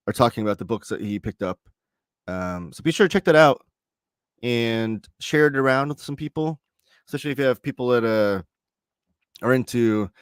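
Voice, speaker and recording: A man in his thirties hosting a live stream from home, chatting casually and reading out viewer comments in a relaxed, rambling way. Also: mid-range voice, dry recording, studio quality. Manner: relaxed, rambling, reads chat messages aloud. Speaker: host. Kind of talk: casual livestream chat.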